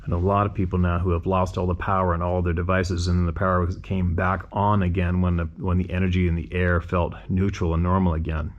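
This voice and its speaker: A man's voice: deep voice, level tone, brisk, few pauses, phone-quality sound. A man hosting a show, reading listener emails aloud and breaking off to muse on them in a conversational way with rhetorical questions.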